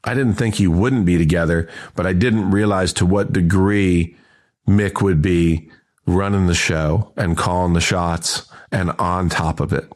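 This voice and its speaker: A man in his fifties, a guest on an interview, telling anecdotes in a lively, restart-heavy way. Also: low voice, unhurried. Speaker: guest, entrepreneur and author. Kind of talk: casual interview storytelling.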